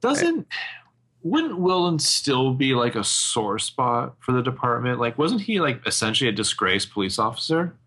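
Lively, bright-toned male podcast co-host, playful and chatty. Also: medium pitch, normal speed, breathy edge. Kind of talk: casual chat.

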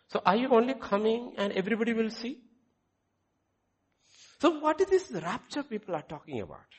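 Guy preaching sunday sermon, pitch all over the place, keeps throwing questions at the crowd. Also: a little mellow, breathy edge. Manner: preaching with rising emphasis and rhetorical questions. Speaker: pastor.

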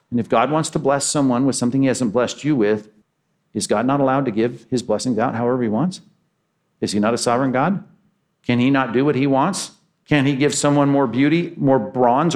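A man preaching a sermon, animated and acting out the voices he quotes. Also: mid-range voice. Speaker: pastor.

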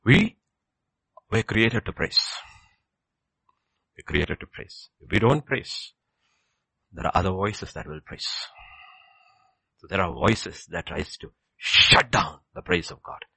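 A man preaching a sermon in a low, gravelly voice that is heavily husky yet has a bright, forceful edge. He swings from loud exclamations down to hushed near-whispers, his pitch rising and falling widely. The sound is dry and close, with no room around it. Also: lively intonation, slow pace, long pauses, dry recording.

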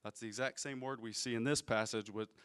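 Delivering a sermon in a relaxed, explanatory manner, this man has a smooth, slightly bright mid-range voice with a steady tone and a fairly quick pace. He often checks in with his audience and poses questions to them.

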